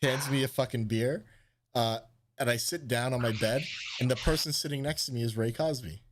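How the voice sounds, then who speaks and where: This host of a live stream has a mid-range voice and talks at a normal speed as he casually tells a story. He's animated, curses freely, and raises his voice to act out other people's words.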